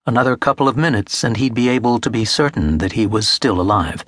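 A man reading a literary novel aloud as an audiobook narrator, in a measured, steady manner on a close studio mic. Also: medium pitch, no room sound.

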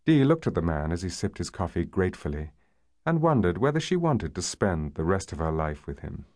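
A male audiobook narrator with a fairly low voice that moves widely in pitch as he tells the story. The reading is measured and expressive, and the recording is close and dry with no room sound. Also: dry recording. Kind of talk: scripted narration.

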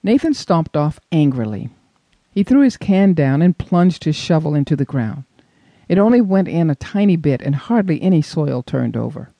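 A man narrating a suspense audiobook in an expressive storytelling manner. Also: a little high, moderate pace, gravelly, no echo, muffled recording. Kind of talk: scripted narration.

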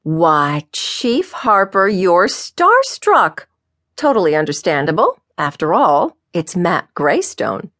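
A calm middle-aged woman sleuth teases her friend with wry amusement, as a woman narrator gives her voice. She sounds steady and dry, sitting a little low. The recording is close and free of echo. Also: a little slow, exaggerated voice. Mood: teasing. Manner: wry and teasing.

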